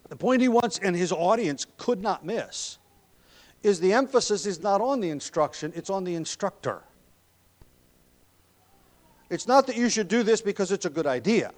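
A man preaching an expository sermon as a pastor, emphatic on key words, with frequent ums and throat clearing. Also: sits high, very animated, normal speed, pauses often.

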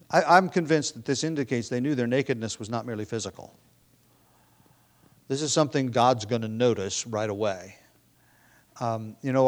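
Male preacher, mid-pitched, conversational sermon delivery with acted-out quotes. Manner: conversational, thinking aloud with restarts and acted-out quotes.

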